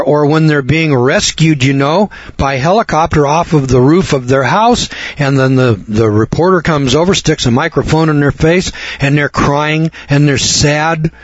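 Husky-voiced blunt American preacher. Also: male voice, fairly high pitch, no echo. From United States. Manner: blunt, folksy, repetitive. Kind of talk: sermon. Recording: dull lo-fi recording.

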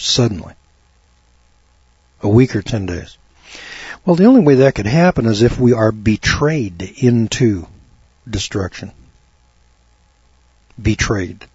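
Fervent male preacher, husky, on a dull dry lo-fi tape. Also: no echo. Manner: fervent, emphatic, repeats words, rising to a high excited pitch. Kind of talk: sermon.

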